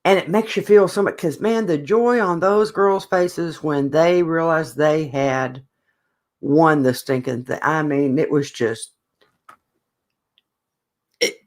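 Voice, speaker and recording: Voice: mid-range voice, takes it slowly, pauses often. Opinionated podcast co-host. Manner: opinionated, ranting. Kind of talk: casual sports chat.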